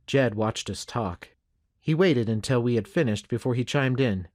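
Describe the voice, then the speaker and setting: A man narrating a first-person western audiobook in a steady, measured way. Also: mid-range voice, dry recording, clean studio sound.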